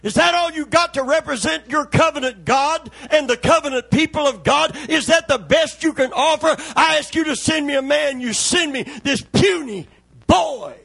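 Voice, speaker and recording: A jeering, mocking devil, as a preacher puts him on. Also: male voice, very high-pitched, moderate pace, vocal fry, pitched above the performer's own voice, full character voice. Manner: jeering, shouted taunts. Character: mocking male devil taunting a boy fighter. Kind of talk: sermon storytelling.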